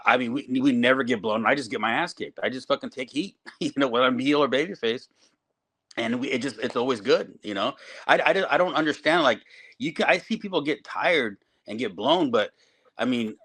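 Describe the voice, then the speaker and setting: A middle-aged man talks shop as a veteran wrestling trainer, cursing freely and telling his stories with energy. His voice sits at a middle pitch for a man. It is a casual podcast conversation. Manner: profane, animated storytelling.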